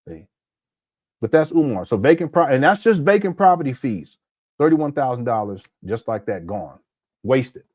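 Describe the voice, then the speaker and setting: A man with a sore throat talks through a critical livestream commentary, reading viewer chat aloud and often breaking into laughter. His voice sits in an ordinary middle pitch. The recording is close and dry, with no room sound. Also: sing-song, normal speed, darkish tone, dry recording. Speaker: commentary host.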